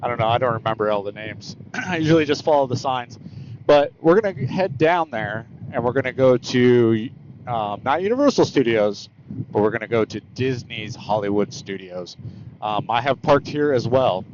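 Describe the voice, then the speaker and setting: This man, a motorcycle vlogger from the United States, chats loosely while riding on open roads, wandering off track, fixing his own words, and filling gaps with fillers. He speaks at normal speed in an animated, mid-range voice that's a little mellow. The audio has its highs cut off and carries a bit of hiss or hum.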